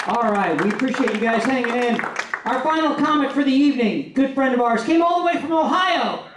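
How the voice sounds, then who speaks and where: A male emcee with a very high voice loudly hypes up the next comic at a comedy night. He is heard from a distance in an echoey room, over a noisy crowd. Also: lively intonation, a little fast. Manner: loud, hyping introductions. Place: comedy club stage. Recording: roomy club, off-mic, crowd and noise.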